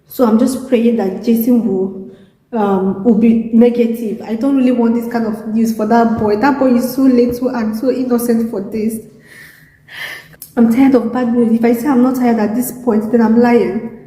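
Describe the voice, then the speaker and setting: A woman's voice: on the high side, steady tone, moderate pace, warm tone, reverberant, big-room sound, poor audio. A young Nigerian woman with a Nigerian accent recording a video diary from a hospital room, tearful and exhausted, repeating herself in a weary, pleading way. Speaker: vlogger.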